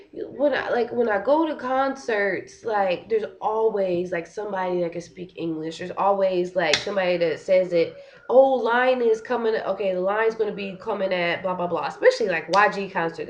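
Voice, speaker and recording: A young woman speaks straight to her camera in a casual vlog rant, animated and frustrated, with "like" dropped in constantly. Her voice sits at a middling pitch. The recording sounds a little dull and lo-fi. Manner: frustrated, animated, heavy use of "like". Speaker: vlogger. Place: living in Korea.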